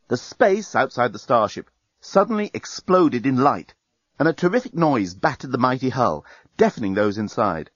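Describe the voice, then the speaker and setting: A man reads a story aloud with a very lively, swinging delivery. His voice sits in a middle pitch. The recording is dry and a little muffled. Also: fairly quick, husky, dry recording. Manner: lively, expressive reading. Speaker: narrator. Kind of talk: audiobook narration.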